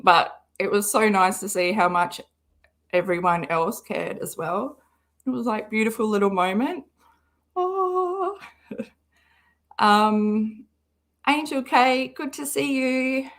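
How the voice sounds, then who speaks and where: Young woman, live stream host, unhurried and chatty, swears freely. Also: fairly high pitch. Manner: swears often, chatty, greets viewers by name. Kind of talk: casual live stream chat. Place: car.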